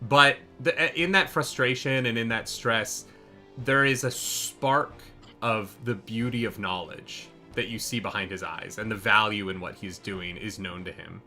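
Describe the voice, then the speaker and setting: A man narrating as game master in a live tabletop charity game, excitable and swearing freely. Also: on the low side, unhurried, faint music behind.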